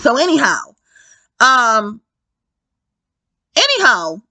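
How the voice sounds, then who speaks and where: A woman giving a casual spoken film review, animated and profane, often repeating herself and correcting her words. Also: on the high side, slow pace, no echo.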